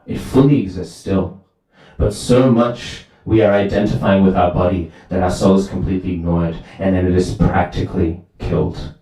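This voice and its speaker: A man giving a sermon at a temple, telling a story lively and often asking "right?", heard from far off in a very echoey hall. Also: sits low, normal speed. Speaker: temple speaker.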